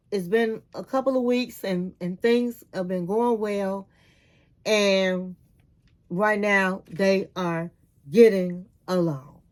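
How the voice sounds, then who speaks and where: A woman's voice: fairly high pitch, a bit bright, low-quality recording. A middle-aged woman giving chatty, candid commentary as she recaps a reality TV episode, often calling the listener "honey.".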